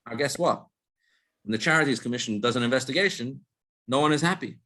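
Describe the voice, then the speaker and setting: A man teaching a relaxed religious class, talking it through at a middling pitch. He poses questions to the listeners and answers them himself, stopping and restarting as he goes. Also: fast. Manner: explains step by step, asks and answers his own questions; frequent restarts and repeated words. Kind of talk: casual spoken Torah class.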